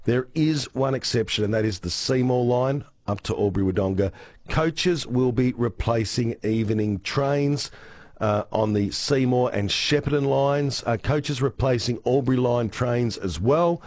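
A man with an Australian accent and a croaky voice, presenting a chatty, upbeat radio weather and traffic update. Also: mid-range voice, a little slow, a little mellow, no room sound.

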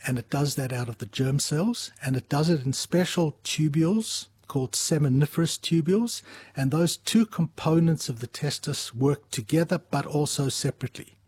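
A man as a medical expert guest, giving patient, measured explanations with small restarts. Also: a little high, a little mellow, husky, no room sound. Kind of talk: explanatory interview answers.

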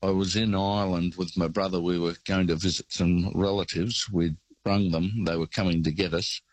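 Deep-voiced older Australian caller. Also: male voice, little pitch movement, normal speed, no room sound, rough recording. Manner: rambling storyteller. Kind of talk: phone-in anecdote.

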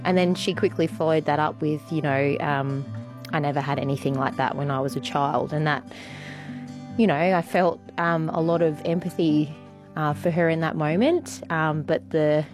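A woman telling a story on radio in a warm, chatty way with many ums. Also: low voice, fairly even intonation, moderate pace, over music. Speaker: radio guest. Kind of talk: casual storytelling.

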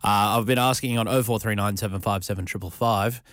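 A man's voice: fairly low pitch, steady tone, a little fast, fairly bright tone, no room sound. Chatty male radio host, dry sound. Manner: chatty, self-deprecating, reads out listener texts. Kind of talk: casual radio chat. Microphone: studio microphone.

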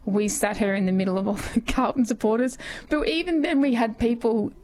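Hoarse, passionate Australian sportswoman. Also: fairly high pitch, fairly quick, a little mellow. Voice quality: scratchy voice. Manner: enthusiastic, passionate. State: hoarse from yelling. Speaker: sport commentator. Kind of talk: radio talkback chat.

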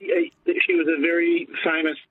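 Excitable man on a phone line. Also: extremely high pitch, a little fast, vocal fry. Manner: excitable, exclaiming. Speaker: caller. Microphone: telephone.

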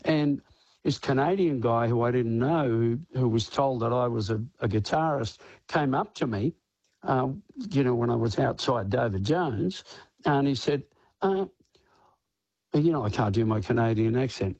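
Husky older man, rambling. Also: medium pitch, moderate pace, darkish tone, no room sound. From Australia. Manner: rambling, many "you know" fillers, laughs often. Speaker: band's lead singer, guest. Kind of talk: radio interview, casual storytelling. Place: radio studio.

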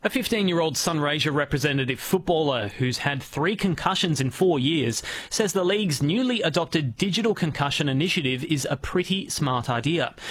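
A man reading a local radio news bulletin in a steady, measured manner. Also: on the high side, breathy edge.

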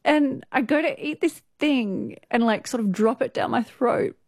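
A woman's voice: fairly high pitch, a little slow, a little mellow, dry recording. Australian woman, young adult, chatty guest storyteller, close dry mic. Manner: chatty, laughs often, many fillers. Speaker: interview guest, news presenter. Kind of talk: casual storytelling interview.

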